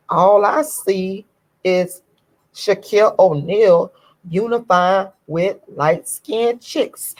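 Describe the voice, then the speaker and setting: A woman's voice: medium pitch, takes it slowly, poor audio. A woman vlogger giving a ranting commentary to her viewers, emphatic and indignant, repeating her points over and over.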